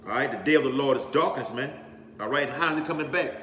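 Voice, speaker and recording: A man's voice: medium pitch, fast talker, fairly bright tone. Man preaching hard in an echoey hall. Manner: emphatic, keeps checking in with "all right?" and "okay?"; repeats words while building up force. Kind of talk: preaching on scripture. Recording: echoey hall with faint background noise.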